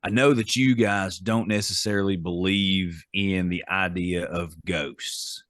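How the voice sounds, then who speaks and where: Low-voiced man co-hosting a podcast. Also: steady tone, measured pace, fairly bright tone, dry recording, studio quality. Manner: reads facts aloud, chatty and amused. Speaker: podcast co-host. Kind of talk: casual chat.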